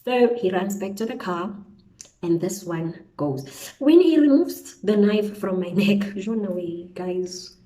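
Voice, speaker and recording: Doing her makeup indoors at home while it's windy outside, a young woman from South Africa tells a storytime as a beauty vlogger. She is animated and full of slang interjections, though her medium-pitched voice moves at a slow pace, and the audio quality is poor.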